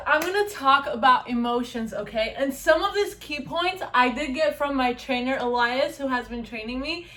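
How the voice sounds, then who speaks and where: A woman's voice: high voice, fairly bright tone. A young woman vlogger chatting casually to her viewers, often saying "you guys" and "okay". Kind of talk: casual talk to camera.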